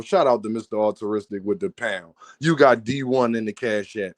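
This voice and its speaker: Animated man ranting on a livestream. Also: on the low side, moderate pace, no echo. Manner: animated, laughs often, talks to chat. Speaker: livestream host. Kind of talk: casual livestream rant reading donations.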